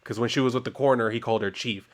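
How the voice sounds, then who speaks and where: A man casually reviewing a comic book, chatty and joking, with many fillers and asides. His voice sits at an average male pitch. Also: steady tone, racing.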